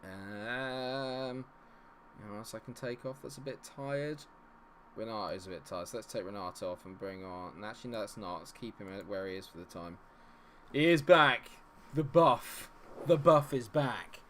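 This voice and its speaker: A man's voice: fairly low pitch, moderate pace, slight background noise. A young man streaming a football management game, chatting to viewers and swinging between cheering goals and fretting over results. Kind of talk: live stream commentary.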